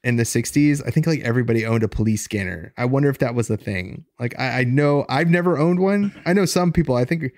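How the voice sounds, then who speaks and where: A man hosting a podcast in casual chat, relaxed and halting as he recounts details. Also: medium pitch, dry recording, studio quality. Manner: relaxed, hesitant, many restarts. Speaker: podcast host.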